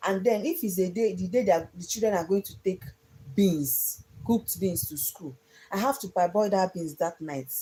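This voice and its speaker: A woman's voice: fairly low pitch, normal speed, dark tone, rough recording. A young woman earnestly telling her life story to viewers on a phone livestream, often repeating herself. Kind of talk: casual personal storytelling on a livestream.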